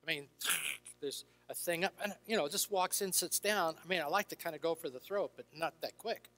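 Bright-voiced older man telling stories in a hall. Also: fairly high pitch, normal speed. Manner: animated, acts out dialogue in shifting voices. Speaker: Christian counselor and speaker. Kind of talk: storytelling talk to an audience. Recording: reverberant hall with faint music.

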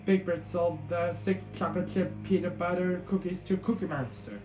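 A man reading a picture book aloud in a steady way, with small slips. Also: sits high, moderate pace. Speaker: storybook reader. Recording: echoey room with guitar music.

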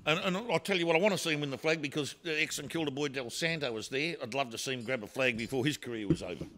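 A man's voice: mid-range voice, quick pace, pushed and bright, a little hiss or hum. A man with an Australian accent, co-hosting a sports talk show, rambling through confident footy predictions with plenty of fillers. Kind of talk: casual sports chat.

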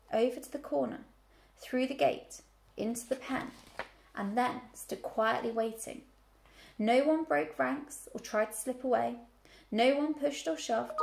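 Woman teacher reading a story aloud. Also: a little high. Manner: clear, expressive storytelling. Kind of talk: reading a children's book aloud.

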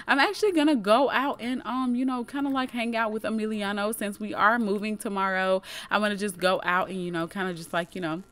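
A woman's voice: medium pitch, steady tone, fairly bright tone, lightly acted. Woman doing chill young dude from her game, slangy, easygoing, calls everyone man and bro. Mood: casual. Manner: slangy, loose, drawn-out. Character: laid-back young man, casual, easygoing.

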